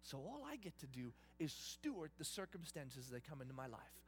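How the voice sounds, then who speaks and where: A man preaching a sermon in an emphatic style, swinging between hushed and loud delivery. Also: fairly high pitch, big pitch swings, moderate pace, a little hiss or hum. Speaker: pastor.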